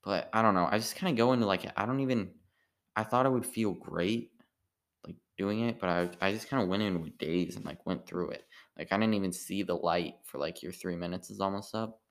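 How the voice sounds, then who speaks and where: A tired man with a very deep, gravelly voice talks in a loose, meandering monologue. He stops and restarts often, trailing off and circling back as if thinking aloud. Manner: meandering, halting, full of restarts and filler. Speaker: amateur stand-up comedian. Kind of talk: rambling casual monologue.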